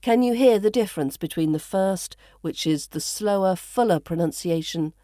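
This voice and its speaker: A woman with a British accent, hosting a podcast and teaching pronunciation in a slow, deliberate scripted style. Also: lowish voice, mellow, no echo, studio quality. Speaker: accent coach and podcast host.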